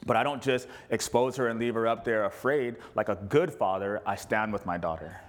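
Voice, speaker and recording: A man pastor preaching casually to his congregation, animated and jokey, acting out little quoted lines. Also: lowish voice, a little fast. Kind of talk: sermon with congregation questions.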